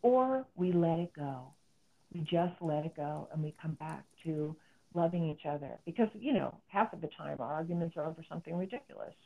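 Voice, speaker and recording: A woman's voice: low-pitched, animated, brisk, vocal fry. Therapist guest, middle-aged woman, earnest explanatory delivery, heard through a narrow phone-like line. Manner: earnest, explanatory, acts out quoted speech. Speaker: psychotherapist and author guest. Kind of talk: interview conversation.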